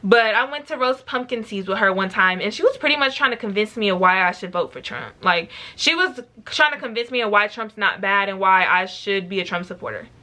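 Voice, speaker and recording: A young woman vlogger telling a story in a blunt, profane and animated way. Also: medium pitch, brisk, hardly any pauses. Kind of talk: casual storytime.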